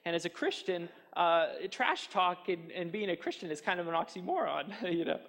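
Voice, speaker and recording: A man preaching a sermon, animated and chatty, acting out taunts with fillers and restarts. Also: sits high, normal speed, long reverb tail. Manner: animated, mocks enemies' taunts in a raised voice. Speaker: pastor.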